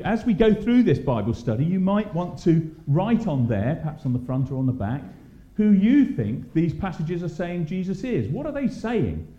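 A man's voice: a little high, mellow. A man leading an interactive Bible study in a church hall, questioning the group with many ums and restarts. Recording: echoey, muffled church hall.

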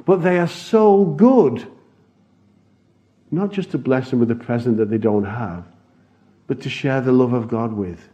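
A man's voice: mid-range voice, animated, unhurried, long pauses, dark tone. Earnest man sharing a church testimony. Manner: earnest storytelling with restarts. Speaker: church missions speaker. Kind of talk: heartfelt testimony to a congregation. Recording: dull lo-fi recording.

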